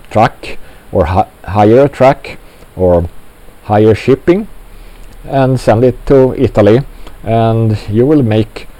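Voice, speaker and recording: Slow, mellow-voiced man rambling on. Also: on the low side, rough recording. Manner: slow, halting delivery with many fillers. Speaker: commentator. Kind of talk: rambling monologue commentary.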